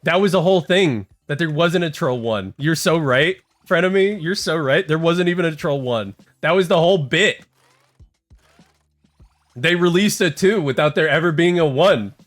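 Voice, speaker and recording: A man livestreaming in casual chat, rambling and excitable, talking straight to his viewers and reading bits aloud. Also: on the high side, normal speed. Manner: rambling and excitable, heavy on "like" and "dude"; talks to chat, reads text aloud. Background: faint music.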